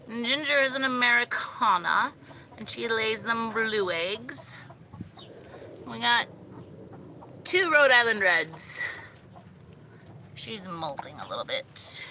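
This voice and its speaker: A young woman walks through her desert backyard, speaking into a handheld phone in an unhurried, loose way and filling her sentences with "like." Her voice sounds bright and a little edgy, and she breaks off now and then to coo at her animals. Faint outdoor ambience hums in the background. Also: a little high, expressive, a little hiss or hum. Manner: rambling, filler-heavy, chatting to her animals. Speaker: vlogger giving a backyard tour. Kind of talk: casual livestream chat.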